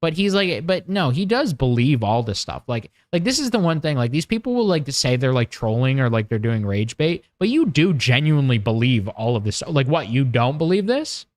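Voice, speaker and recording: A man's voice: mid-range voice, sing-song, fairly quick, few pauses, dry recording, clean studio sound. A young man hosting a livestream, ranting casually about politics in a rambling, profane way with many fillers and restarts. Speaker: livestream host.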